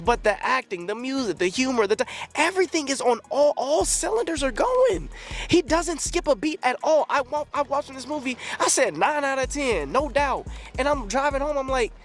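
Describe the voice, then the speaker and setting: A young man with a high voice gushes over a film in a casual podcast monologue. He talks in an animated way, leaning on repeated phrases to hammer home each point. The pitch sits high for a man, with bursts of excitement. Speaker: podcast host. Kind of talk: casual movie review monologue.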